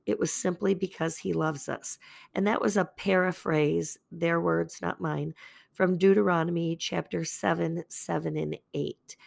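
An older woman hosting a faith podcast, talking calmly in a chatty, self-deprecating way. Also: fairly low pitch, gravelly. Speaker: podcast host. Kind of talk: gentle faith podcast talk.

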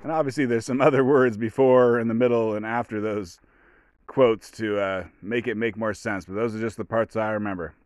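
Guy doing a solo podcast, lowish voice, rambly, retells movie bits, dry close sound. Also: steady tone, moderate pace, a little mellow, no echo. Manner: rambling, retells movie scenes and acts out quotes. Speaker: podcast host. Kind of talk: casual solo podcast monologue.

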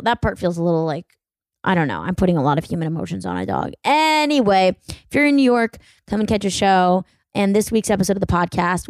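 A woman's voice: lowish voice, darkish tone, no room sound. Young woman rambling on her podcast, lots of likes and ums, dry close mic. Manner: rambling, self-deprecating, chatty with many fillers. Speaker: podcast host. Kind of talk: casual solo chat.

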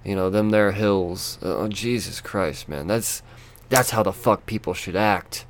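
A man hosting a solo podcast, ranting in a frustrated, profane way with lots of halting restarts. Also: lowish voice, slight background noise. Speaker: podcast host.

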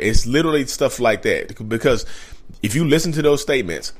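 A man's voice: medium pitch, animated, fairly quick. A man hosting his own online channel, talking straight to camera in a casual, emphatic way and repeating key phrases. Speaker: YouTube host on narcissism.

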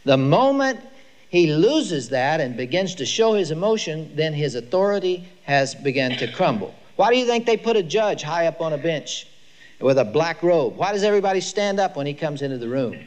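A man's voice: fairly high pitch, normal speed. An older man giving a lecture to a live audience, telling stories with emphasis. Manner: storytelling, emphatic, lively delivery. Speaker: speaker on child discipline.

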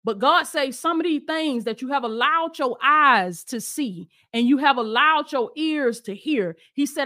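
High-voiced woman preaching emphatically. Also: expressive, unhurried, hardly any pauses, pushed and bright. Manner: emphatic, repeats rallying calls, speaks to listeners directly. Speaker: Christian lifestyle coach and preacher. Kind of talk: preaching exhortation to an online audience.

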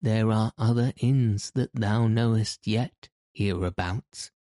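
A man's voice: lowish voice, takes it slowly, dark tone, dry recording, studio quality. A man reading the part of a merry, laughing outlaw leader in an old-fashioned storybook. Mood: hearty. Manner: cheerful, laughing, archaic speech. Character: Robin Hood, merry bold male outlaw leader. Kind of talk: audiobook character reading.

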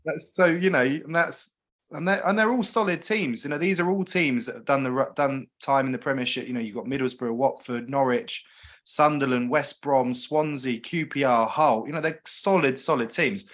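A man's voice: mid-range voice, normal speed, a bit bright. Enthusiastic man. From South London, England. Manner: enthusiastic, restarts a lot. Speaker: podcast guest, business owner. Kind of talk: casual chat.

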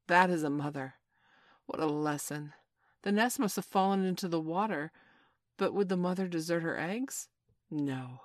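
A woman's voice: on the low side, normal speed, dry recording, studio quality, lightly acted. A woman reading a storybook aloud, voicing a blustering male pirate captain who bellows his orders. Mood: scheming. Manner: loud, theatrical bellowing.

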